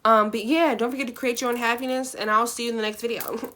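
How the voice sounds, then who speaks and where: A young woman on YouTube reading fan fiction aloud, breaking off into blunt, sarcastic asides and sudden loud outbursts. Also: a little high, steady tone, quick pace.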